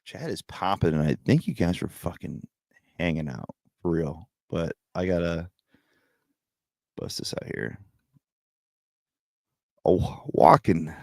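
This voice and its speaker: A man's voice: sits low, lively intonation, a little slow, gravelly, darkish tone, dry recording, clean studio sound. A young adult man hosting a casual livestream hangout, talking in a laid-back, profane way and laughing often. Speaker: livestream host.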